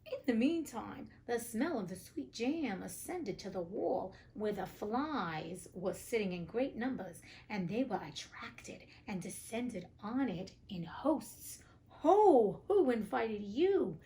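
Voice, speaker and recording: A woman's voice: mid-range voice, animated, a little slow, hardly any pauses, a little mellow. A young woman hosting an audiobook podcast, reading a fairy tale with cheeky, profane side comments. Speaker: podcast host and audiobook reader. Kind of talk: casual storybook reading with asides.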